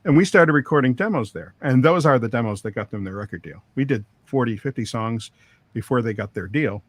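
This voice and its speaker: A man's voice: mid-range voice, animated, fairly quick, no echo. Rambling storytelling man, dry close sound. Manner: rambling anecdotes with quoted dialogue and laughs. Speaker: record producer, interview guest. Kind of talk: storytelling interview.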